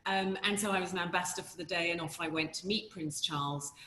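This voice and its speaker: A woman's voice: on the low side, quick pace, reverberant, a little hiss or hum. Chatty woman with a posh southern English accent. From southern England. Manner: chatty, lively anecdotes with frequent ums. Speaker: voiceover artist, guest. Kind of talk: casual interview storytelling.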